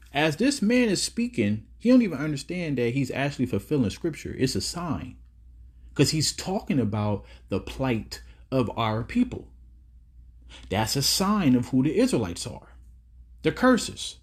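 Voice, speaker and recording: A man's voice: medium pitch, sing-song, a little slow, darkish tone, husky. A man out of breath, reading and quoting scripture in a casual, preachy commentary on a clip. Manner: preachy, quotes scripture at length; casual street talk. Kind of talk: religious reaction commentary.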